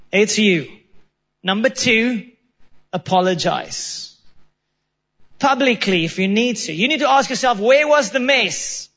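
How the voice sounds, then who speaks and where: A high-pitched male pastor delivers a sermon in an earnest, self-deprecating manner. He acts out his own past words in quoted asides. The recording sounds slightly dull and lo-fi. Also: fairly bright tone.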